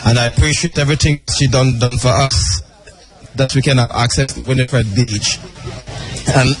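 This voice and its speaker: Mid-pitched Jamaican man giving shout-outs. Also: steady tone, normal speed, faint music behind.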